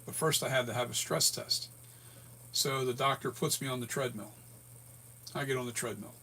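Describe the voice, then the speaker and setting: A man in his sixties, hoarse from a breathing tube, telling a rambling story with many self-corrections in a casual vlog. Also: mid-range voice, steady tone, moderate pace, sharp tone, a little hiss or hum. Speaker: latex mask and prop maker.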